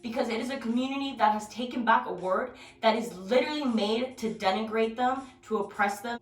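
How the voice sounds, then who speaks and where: A young woman vlogging at home in a blunt, profane, animated rant, recorded from a distance with background music. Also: a little high. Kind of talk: casual rant to camera. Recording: roomy, distant from mic, music behind.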